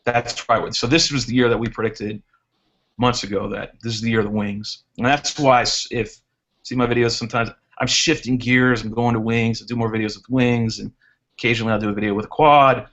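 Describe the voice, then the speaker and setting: A man's voice: mid-range voice, steady tone, a little fast, fairly bright tone. Male racing guest, chatty storyteller, mid-range voice, dull video-call sound. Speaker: guest drone racer. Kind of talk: casual chat on a live hangout.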